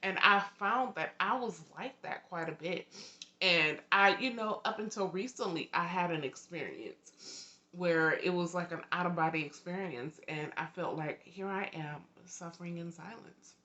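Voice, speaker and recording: Earnest woman vlogger, lowish voice. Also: normal speed, highs cut off. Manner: earnest, emphatic repetitions, lively swings in loudness. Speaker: vlogger and author. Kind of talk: heartfelt direct-to-camera talk.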